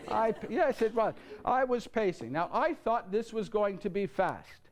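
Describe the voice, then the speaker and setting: A man's voice: high voice, lively intonation, a little slow. An actor playing a nineteen-year-old carpenter, earnest and flustered, in a live stage monologue. He stammers and repeats himself, and he speaks straight to the audience. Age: young adult. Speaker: actor in one-man show. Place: church before a live audience.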